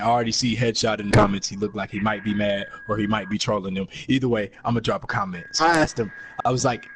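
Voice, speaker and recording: A man co-hosting a casual podcast chat, laughing often and retelling stories in animated bursts. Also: rapid-fire, few pauses. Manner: laughing, animated retelling with sudden high outbursts. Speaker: podcast co-host. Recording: noisy background.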